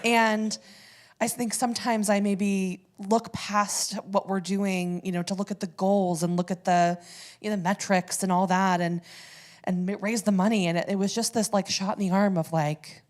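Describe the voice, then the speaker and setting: Teary woman giving halting thanks. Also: mid-range voice, steady tone, darkish tone. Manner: halting, teary, laughing between phrases. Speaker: community theater guest speaker. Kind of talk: emotional off-the-cuff thank-you speech. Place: church sanctuary.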